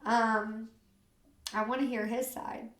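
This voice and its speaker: A woman's voice: a little high, flat delivery, takes it slowly, fairly bright tone. Tearful woman, earnest and echoey. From USA. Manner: earnest, repeats phrases, says "you know" often. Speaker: interview guest. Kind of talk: emotional personal testimony.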